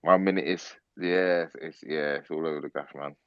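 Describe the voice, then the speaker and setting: A man in a casual chat, speaking in a measured, hesitant way. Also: extremely low pitch, steady tone, no echo, lo-fi sound.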